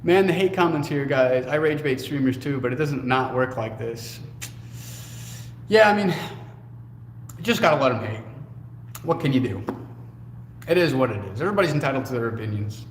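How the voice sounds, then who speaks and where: A man's voice: mid-range voice, lively intonation, moderate pace, long pauses. A man with a mid-range voice co-hosts a laid-back livestream, reading comments and joking back at them. He talks loosely and swears casually. The sound rings through an echoey room with a long reverb tail and faint background noise. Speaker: co-host.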